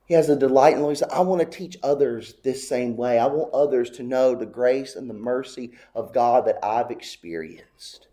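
A male pastor delivering a sermon, with an impassioned, repetitive cadence and a voice that climbs high on heartfelt pleas. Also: normal speed, few pauses, mellow.

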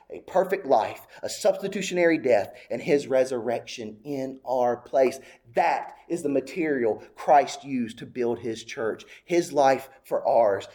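High-voiced man preaching emphatically. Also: mellow. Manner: emphatic preaching with repeated phrases; drops into casual asides. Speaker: pastor. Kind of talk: sermon.

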